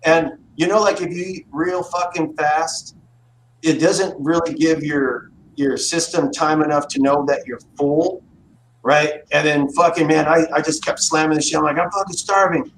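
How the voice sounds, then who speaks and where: A man's voice: a little high, fairly even intonation, moderate pace, a bit bright. A man chatting casually on a livestream, telling rambling, profane stories. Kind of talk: casual chat. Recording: roomy echo with faint noise.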